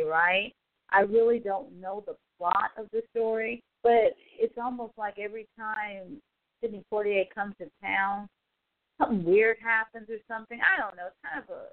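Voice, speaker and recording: A woman hosting a casual talk show, telling a story in an animated way and acting out the quotes, sounding exasperated. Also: medium pitch, no echo. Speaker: show host. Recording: phone-like dry audio.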